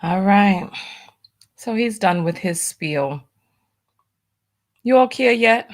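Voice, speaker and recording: Brief: female host, unhurried delivery, direct and casual with viewers. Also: mid-range voice, lively intonation. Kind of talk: casual commentary.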